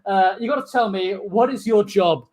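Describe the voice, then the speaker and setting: A woman's voice: medium pitch, moderate pace. A woman hosting an improvised comedy game, prodding and laughing as she questions a guest. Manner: animated, prodding, laughing often. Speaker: improv host.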